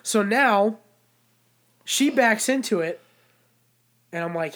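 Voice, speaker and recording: A man's voice: sits high, slow. A young man, a podcast co-host, telling stories in casual, profane chat. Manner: profane, animated storyteller.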